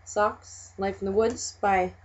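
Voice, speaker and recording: A woman's voice: mid-range voice, steady tone, slow, darkish tone. A woman vlogger chatting casually, rambling and hesitant, often trailing off. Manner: rambling, hesitant with many fillers. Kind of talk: casual chat. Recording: dull lo-fi recording.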